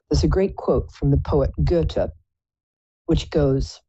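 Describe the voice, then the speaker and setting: Rambling, playful woman with a lively voice. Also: deep voice, slow, husky, no room sound, highs cut off. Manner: playful, rambling, self-mocking. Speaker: psychic radio show host. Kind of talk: chatty live call-in show.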